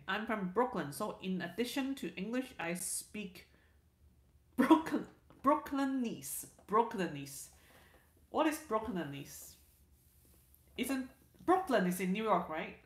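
This livestream host chats casually while reading viewers' comments out loud, with repeated words and restarted sentences. She has an expressive mid-range voice, speaks a little slowly, and the sound is reverberant.

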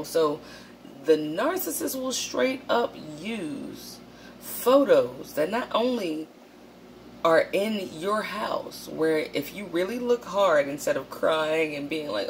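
A woman's voice: on the low side, lively intonation, slow pace, slight background noise. A woman hosting a casual vlog, talking straight to her viewers. She is blunt and swears a lot, and she acts out quotes in a raised voice. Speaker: channel host.

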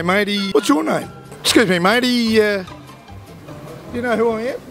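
A man's voice: sits high, creaky. A man with an Australian accent doing comic street interviews outdoors, joking and chummy with passers-by. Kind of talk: comic vox-pop interviews. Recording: loud street noise behind.

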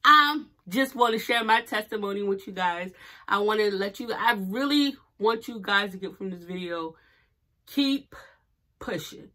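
A young woman vlogs about her small business, teary from crying, making fervent motivational declarations to the camera. She speaks unhurriedly at a medium pitch, animated and expressive, with many fillers.

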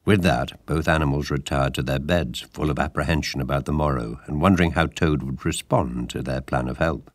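A man narrating a storybook audiobook in a measured, lively storytelling manner. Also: a bass voice, dry recording, clean studio sound.

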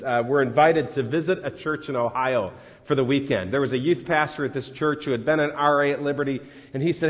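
A man preaching a sermon in a church, talking in a conversational way and rising into dramatic scripture readings. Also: a little high. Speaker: pastor. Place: church sanctuary. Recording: live sermon in a large reverberant hall.

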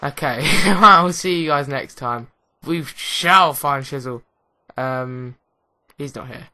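A young man with an English accent gives rambling, excitable let's play commentary, often mocking himself. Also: fairly high pitch, slow pace. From England. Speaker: gaming commentator.

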